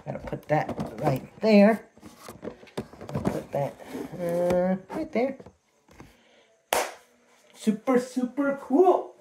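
A man chatting casually to camera while unboxing birthday presents, excitable and folksy, repeating his words. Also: high-pitched, extremely slow, pauses often. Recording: echoey room with faint noise.

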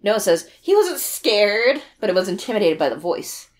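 A woman's voice: medium pitch, sing-song, normal speed. A woman co-hosting a casual podcast, reading plot notes aloud with wry asides. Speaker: podcast co-host.

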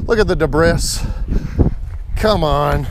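A man's voice: fairly high pitch, slow pace. A man with a Maritime Canadian accent filming a friend outdoors, cursing, hollering and laughing in rowdy banter. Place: outdoors in wind, rural. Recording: loud wind noise outdoors.

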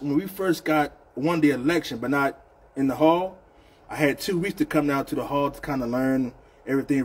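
Husky-voiced chatty man with Southern accent. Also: a little high, a little mellow. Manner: loose, repetitive, chatty, says "man" often. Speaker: union leader hosting an online show. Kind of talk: casual live-stream talk.

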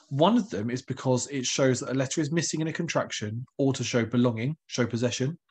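A man's voice: mid-range voice, slightly rough. A male primary school teacher, giving a recorded online lesson in a patient, encouraging way and asking the pupils questions.

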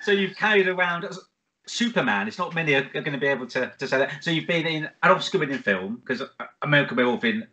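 A man's voice: on the high side, expressive, fast, bright, forceful tone. A man co-hosting a casual podcast interview, enthusiastic and complimentary toward his guest, with "uh" fillers. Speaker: podcast co-host.

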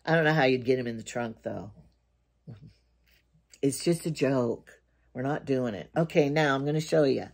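An older woman chats to the camera in a rambling, homey way, hopping between her groceries, a joke and her nails. Her voice is mellow and soft-edged. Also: rumbling low, normal speed, pauses often. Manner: rambling, chatty, jokey. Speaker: vlogger. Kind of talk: casual chat to camera.

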